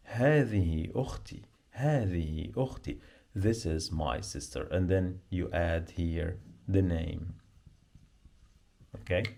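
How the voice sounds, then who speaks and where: A man with an Arabic accent teaching a beginner lesson, speaking slowly and repeating each word to drill pronunciation. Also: sits low, creaky, noisy background. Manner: slow, repetitive, drills pronunciation.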